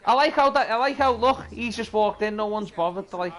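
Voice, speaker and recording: A young man casually commentating while he plays a video game, yelling at the screen and chuckling. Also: sits high, brisk, few pauses. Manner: animated, yells at the game, chuckles often. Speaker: gaming channel host. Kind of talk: casual let's-play commentary.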